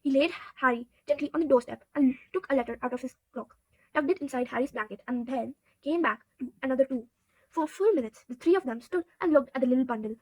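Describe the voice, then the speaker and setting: A woman's voice: sits high, a little mellow, husky, no echo, poor audio. A woman narrating a storybook aloud, reading steadily with occasional stumbles.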